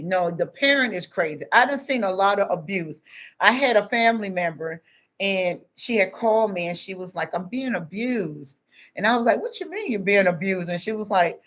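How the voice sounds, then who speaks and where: Blunt, emphatic woman vlogging. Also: medium pitch. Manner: blunt, emphatic storytelling with preachy asides. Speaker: spiritual vlogger. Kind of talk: casual monologue vlog.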